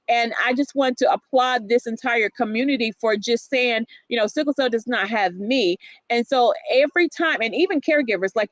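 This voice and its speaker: A woman co-hosting a casual livestream chat, animated and reading out viewer comments. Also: a little high, no room sound. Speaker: livestream co-host.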